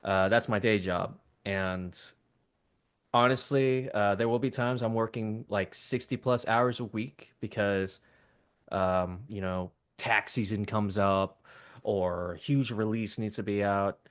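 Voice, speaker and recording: Animated, low-voiced man in his thirties. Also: slow pace, clear, resonant tone. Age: 30s. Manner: animated, many fillers and restarts. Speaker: voice actor guest. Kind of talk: casual interview answers.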